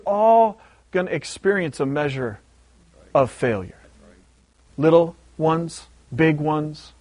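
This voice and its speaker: A male pastor with a high voice retells a story in his sermon with lively animation, circling back and repeating key words to hammer each point home. He speaks slowly with long pauses. The sound is close and dry, with no room around it.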